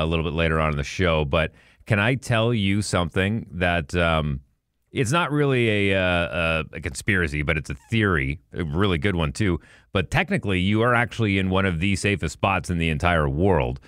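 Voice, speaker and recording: Deep, smooth-voiced man on a podcast. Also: animated, normal speed, fairly bright tone, no echo, studio quality. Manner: enthusiastic tangents, explaining trivia. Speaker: podcast co-host. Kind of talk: casual podcast chat.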